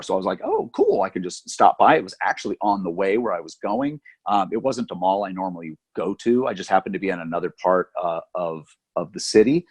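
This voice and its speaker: A man's voice: lowish voice, husky. A middle-aged man telling a story in casual chat as a podcast co-host, acting out the voices of the people in it. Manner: animated, acts out voices in his anecdotes.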